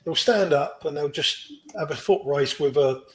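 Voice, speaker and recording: Man, higher pitch, enthusiastic rambling football talk, podcast co-host. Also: moderate pace, poor audio. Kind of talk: casual football chat.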